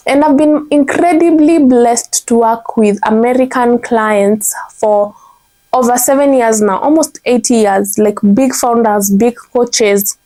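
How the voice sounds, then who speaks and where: A woman's voice: a little high, takes it slowly, mellow. A young woman from Kenya with a Kenyan accent, giving an earnest motivational vlog talk and often restarting her sentences. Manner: earnest, self-correcting restarts, frequent "like". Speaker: content strategist.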